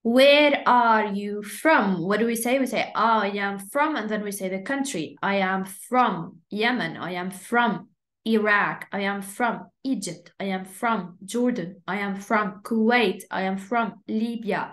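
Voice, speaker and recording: Slow, deliberate woman teaching English. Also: mid-range voice, fairly bright tone. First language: Arabic. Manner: slow, deliberate drilling of words and letters. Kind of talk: online beginner English lesson.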